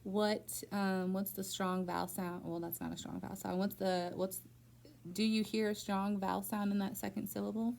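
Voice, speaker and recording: A woman teacher giving a patient one-on-one phonics lesson in a school room, slowly stretching out words to model their syllables. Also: medium pitch, little pitch movement, creaky, a little mellow, slight background noise.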